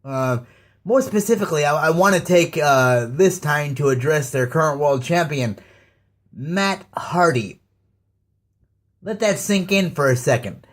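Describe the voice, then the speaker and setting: A man ranting casually to his viewers about wrestling, halting and stammering with many fillers. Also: fairly high pitch, lively intonation. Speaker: YouTube ranter. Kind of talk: casual rant to camera.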